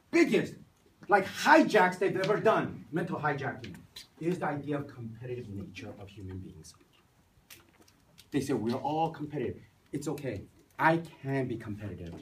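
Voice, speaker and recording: A man's voice: mid-range voice, moderate pace. A man lecturing a university class, telling stories with rhetorical questions and acting out the people he quotes. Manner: animated storytelling with rhetorical questions; emphatic, acts out quoted voices. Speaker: university professor. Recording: distant mic with faint noise.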